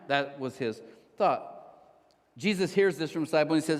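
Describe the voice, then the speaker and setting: A man with a slightly higher voice delivers a relaxed, conversational sermon, full of asides and retold dialogue. The sound rings with the long reverb of a large church hall. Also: brisk, pauses often. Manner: casual, animated storytelling with asides. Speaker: pastor. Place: church auditorium.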